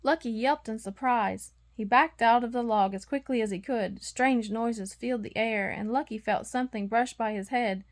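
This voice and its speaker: A woman with a fairly high voice reads a children's bedtime story aloud as a storybook reader, narrating expressively and making the sound effects herself. She goes at a normal speed with hardly any pauses.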